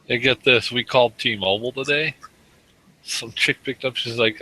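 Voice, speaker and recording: A man's voice: mid-range voice, moderate pace, pushed and bright, rough recording. A man in a casual chat, telling a joking story.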